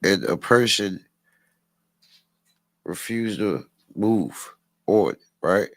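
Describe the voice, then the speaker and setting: A man in casual chat telling a story slowly, laughing as he talks. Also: deep voice, lively intonation, dry recording.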